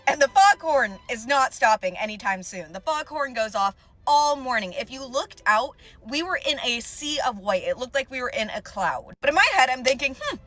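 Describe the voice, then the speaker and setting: High bright-voiced woman doing a sarcastic storytime, a bit of music under her. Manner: sarcastic, animated. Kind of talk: storytime video.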